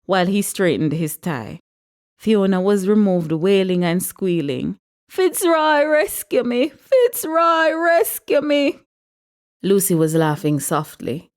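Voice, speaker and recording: A woman narrates a story with a lively, character-driven delivery. Her voice sits a little low, and she keeps her pacing relaxed and expressive. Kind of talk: audiobook narration.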